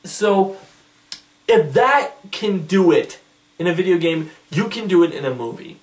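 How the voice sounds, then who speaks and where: Rambling man, slightly raised pitch. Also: animated, measured pace, far from the mic. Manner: rambling, with frequent restarts. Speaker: vlogger. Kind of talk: casual commentary monologue.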